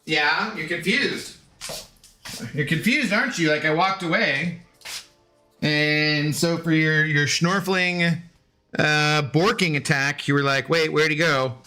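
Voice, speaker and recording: Male streamer, casual and rambling, baby-talks his dog; somewhat high, bright voice. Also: slow pace, soft background music. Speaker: streamer chatting with viewers. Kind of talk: casual live-stream chat.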